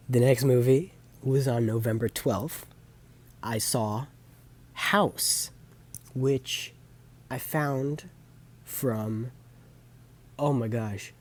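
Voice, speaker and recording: A young man reviews films in a loose, rambling monologue full of "um" and "like." He often stops to correct himself mid-sentence, and his voice sounds husky and a little breathy. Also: medium pitch, a little mellow. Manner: rambling, filler-heavy, self-correcting. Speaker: vlogger. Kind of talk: casual movie review monologue.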